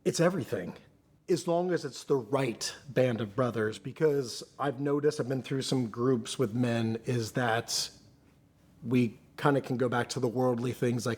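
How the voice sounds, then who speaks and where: Male interview guest, mid-range voice, candid and halting delivery. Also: medium pitch, a little mellow. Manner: earnest, halting, restarts often. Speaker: podcast guest.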